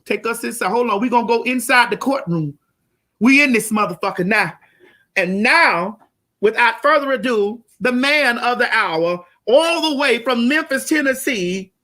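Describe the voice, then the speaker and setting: Woman host, brash, profane, high bright voice, live stream over a video call. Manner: loud, brash, cussing, hyping the audience. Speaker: show host.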